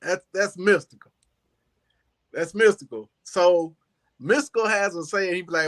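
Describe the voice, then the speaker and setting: Guy guesting on a talk show, fairly high, bright and forceful voice, loose rambling storyteller. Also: moderate pace, pauses often. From Southern United States. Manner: rambling, animated, leans on "you know". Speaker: guest musician. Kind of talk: casual storytelling interview.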